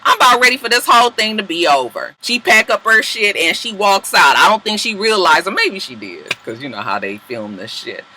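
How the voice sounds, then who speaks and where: Sharp-voiced sassy woman recapping TV. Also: mid-range voice, a little fast, hardly any pauses, slight background noise, poor audio. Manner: profane, animated storytelling with sassy asides. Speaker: reality TV recapper. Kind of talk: casual episode recap.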